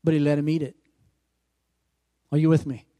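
A man's voice: a little high, flat delivery, moderate pace, dark tone. A male pastor preaching a sermon, calling out questions to his congregation as he retells scripture. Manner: preaching with rising emphasis and call-outs to the congregation.

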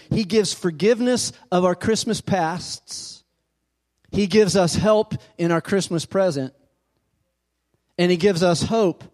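A man's voice: high-pitched, a little mellow. Man preaching, calling for amens. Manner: call-and-response preaching, asks for amens. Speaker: pastor. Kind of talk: sermon. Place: church sanctuary.

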